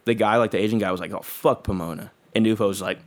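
A young man with a somewhat low voice tells a rambling story in casual chat. His talk is slangy and heavy on swearing. He keeps slipping into the voices of the people he quotes. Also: steady tone, very fast. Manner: profane, slangy, acts out quoted dialogue.

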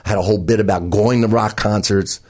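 An older man with a husky, slightly rough voice rattles off his anecdotes at a quick clip. He tells stories in a lively, animated way, like a comedian recounting his time on stage. The tone is loose and conversational. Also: on the low side. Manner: animated, rapid anecdotes with laughs. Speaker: stand-up comedian, guest. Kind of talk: casual storytelling.

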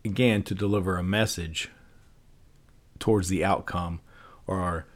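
A man with a very low voice talks through ideas in a relaxed, unscripted podcast monologue. His delivery is loose and conversational, full of fillers and little restarts. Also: a little slow. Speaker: podcast host. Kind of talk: casual explanatory podcast monologue.

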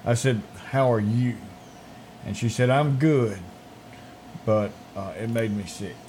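A man co-hosting a casual morning show, laid-back, often giving short agreeing replies and speaking quietly when earnest. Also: medium pitch, unhurried, a little hiss or hum.

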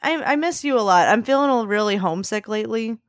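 A woman's voice: a little high, expressive, fast, no room sound, studio quality. A young woman co-hosting a casual chat podcast, wry and self-mocking, laughing often. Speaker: podcast co-host.

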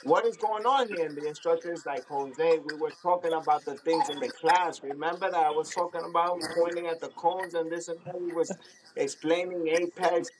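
Excitable man telling a wild story. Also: a little high, fairly quick. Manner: excitable, laughing, acts out dialogue. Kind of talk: animated anecdote, quoting others. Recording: crowd noise behind.

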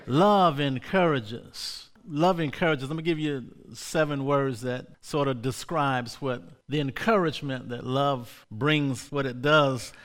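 Man preaching, slow deliberate delivery, high voice, long hall echo. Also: steady tone. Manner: call-and-response preaching, builds to shouting. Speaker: pastor. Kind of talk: sermon.

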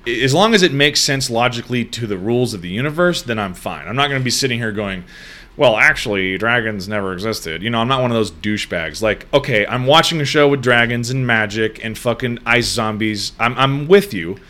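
Bright-voiced man, casual profane chat. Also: medium pitch, brisk, hardly any pauses. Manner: profane, animated storytelling.

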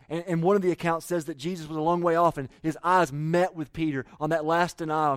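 An earnest male pastor delivers a sermon, slightly higher-pitched than most men. He reads scripture aloud and presses the listeners with searching questions, his voice recorded dry and close. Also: no room sound.

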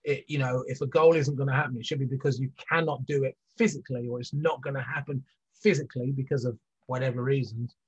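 A fast-talking interview guest, a middle-aged former athlete, recounts his story with candor and earnestness, stumbling through fillers and restarts. His medium-pitched voice is slightly rough and fairly even in intonation, and the recording sounds dull and lo-fi.

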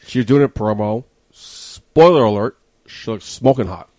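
Man, casual chat co-host, brisk, blunt, low-pitched, dry recording. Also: a little mellow, no room sound. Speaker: podcast co-host.

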